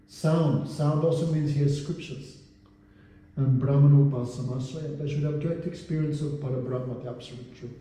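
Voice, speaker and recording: A man's voice: fairly high pitch, dark tone, slight background noise. A man giving a religious class as a spiritual teacher, reciting Sanskrit verses, translating them and posing rhetorical questions. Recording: very echoey hall with long reverb.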